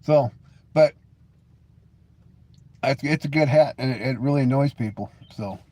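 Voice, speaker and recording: A man's voice: mid-range voice, unhurried, mellow. A man hosting his own live stream, chatting casually with viewers and reading the chat, teasing mockingly, laughing often and stumbling over repeated words. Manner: mocking, sarcastic teasing with frequent stammered restarts.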